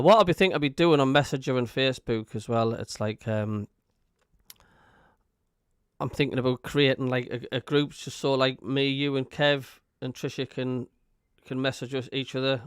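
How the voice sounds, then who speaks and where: A man's voice: mid-range voice, normal speed, smooth, no room sound, clean studio sound. Chatty Sunderland man hosting a live show. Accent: Sunderland (Mackem). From North East England. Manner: rambling, reads chat messages aloud. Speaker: host. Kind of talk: casual live-stream chat.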